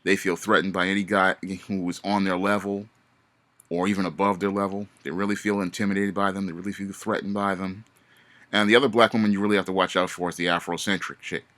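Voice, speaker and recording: Low-voiced man giving emphatic warnings. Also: little pitch movement, quick pace, fairly bright tone. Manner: emphatic, repetitive warnings with many restarts. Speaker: vlogger. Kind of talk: casual monologue.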